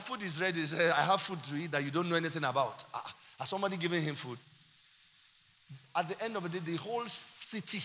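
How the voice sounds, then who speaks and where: A male pastor with a Nigerian accent delivers an animated sermon, dropping into quiet asides and rising to shouted climaxes. His voice sits high and sounds bright and sharp. A long reverb from the church hall trails every phrase.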